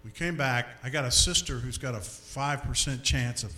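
A man giving a storytelling testimony before an audience, animated and often repeating his words. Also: medium pitch, moderate pace. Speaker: speaker giving a personal testimony.

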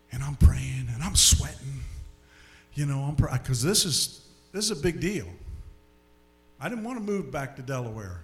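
A man giving a storytelling testimony before an audience, animated and often repeating his words. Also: mid-range voice. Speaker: speaker giving a personal testimony.

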